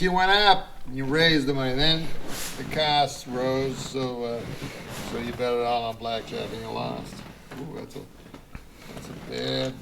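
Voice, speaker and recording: A man giving a deadpan comic shout-out, with drawn-out, mock-serious delivery. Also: medium pitch, gravelly, noisy background. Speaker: guest recording a personal video message.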